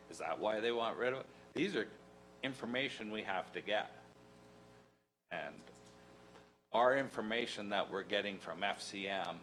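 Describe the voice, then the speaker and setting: A county councillor talks in a low voice, folksy and reasoning aloud. He makes his case in a council meeting. A faint hum runs behind him. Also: a bit bright, low-quality recording.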